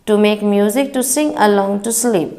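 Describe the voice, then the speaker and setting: A woman's voice: mid-range voice, moderate pace, mellow, a little hiss or hum. A woman teacher reading a story aloud to young children, rereading lines, explaining word meanings and chanting the sound words in a sing-song rhythm. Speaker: school teacher.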